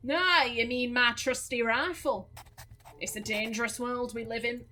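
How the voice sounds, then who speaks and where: A woman doing a gruff old farmer man. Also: fairly high pitch, steady tone, bright, forceful tone, faint music behind. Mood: possessive. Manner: gruff, grumbling, drawn-out put-on accent. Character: gruff old male farmer, guarding his pig. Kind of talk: game let's play, reading dialogue aloud.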